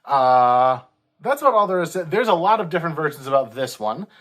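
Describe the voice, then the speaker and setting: A man's voice: on the high side, big pitch swings, a little fast, a bit bright. Man singing and chatting about sea shanties. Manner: hesitant, many fillers, sings lead lines. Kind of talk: casual chat and shanty singing.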